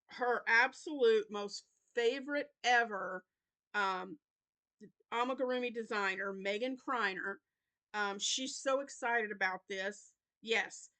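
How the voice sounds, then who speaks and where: Woman, Southern US accent, bright tone, slightly high pitch, rambling casual vlog talk, tired and yawning. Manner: rambling, chatty, with many fillers and apologies. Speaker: crochet channel host. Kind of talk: casual weekly update vlog.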